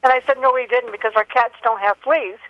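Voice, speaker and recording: An older woman calling in by telephone, telling a long personal story in an earnest, halting way with many fillers. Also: a little high, steady tone, no echo. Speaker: caller. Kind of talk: phone-in call. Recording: dull telephone line.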